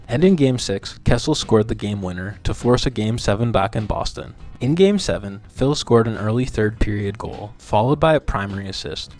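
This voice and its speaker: A man reading scripted documentary narration in a steady, measured way. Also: on the low side.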